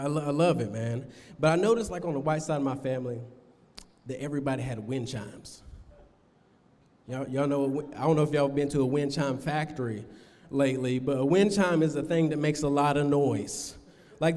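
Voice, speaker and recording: A man performing a stand-up comedy set on stage, telling loose stories and putting on squeaky high voices for other people. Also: darkish tone, big-room sound. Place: comedy venue stage with live audience.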